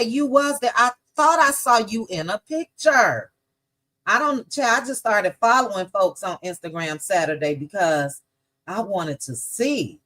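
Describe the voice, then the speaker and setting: A woman hosting a casual livestream, chatty and warm toward her viewers, greeting each one by name as she scrolls the chat. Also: mid-range voice. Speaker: livestream host.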